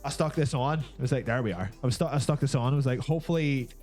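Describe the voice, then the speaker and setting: A man co-hosts a gaming talk show, swearing freely as he talks through games with a friend. His voice sits at an ordinary middle pitch, and faint music runs in the background. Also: steady tone, very fast, a little mellow. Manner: sweary, enthusiastic, banter-heavy. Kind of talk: casual chat.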